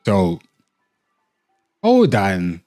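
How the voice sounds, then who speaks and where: A man from Britain with a fairly low voice reads a news article aloud in a casual reaction video. He keeps breaking off to swear and to talk straight to his viewers. The recording is dry and close. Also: wildly swooping pitch, drawn-out words, warm tone, dry recording, faint music behind. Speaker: commentary host.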